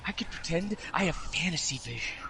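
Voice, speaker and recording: A man joking and swearing loudly while chatting with friends during a game stream. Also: a little high, lively intonation, a little fast, vocal fry, slight background noise. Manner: loud, joking, swearing banter. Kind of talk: casual gaming chat with friends.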